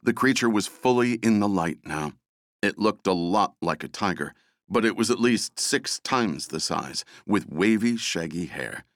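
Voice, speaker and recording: A man narrating an action novel as an audiobook, dramatic and expressive. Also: lowish voice, unhurried, no echo, studio quality. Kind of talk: scripted narration.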